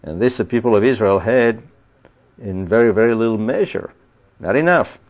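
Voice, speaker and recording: A man's voice: on the low side, animated, moderate pace. A man preaching a Bible-study sermon in an earnest, explaining manner, often adding "you see" and "you know.". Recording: dull lo-fi recording.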